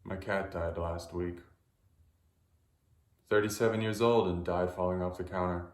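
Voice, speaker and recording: A man performing a deadpan comic monologue for an audition, halting and hesitant with soft trailing asides. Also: low-pitched, roomy sound.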